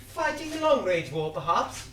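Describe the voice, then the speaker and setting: An actor playing a sardonic, needling older Irish soldier in a stage play, heard from far off in a roomy theatre. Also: male voice, sits high, big pitch swings, normal speed, fairly bright tone. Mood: mocking. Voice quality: wry, theatrical, mocking. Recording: roomy theatre sound from far off, faint noise.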